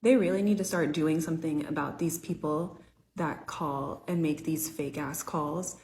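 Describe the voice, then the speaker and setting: A woman with a lowish voice speaks indignantly and with emphasis in a reaction clip. Her voice rings around a roomy, echoey space. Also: steady tone, normal speed, background noise. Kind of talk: reaction commentary. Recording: roomy echo.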